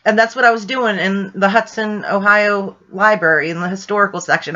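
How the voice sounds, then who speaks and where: A woman ghost hunter telling a rambling, excitable story in a casual vlog, full of fillers. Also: mid-range voice, a little fast. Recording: dull lo-fi sound.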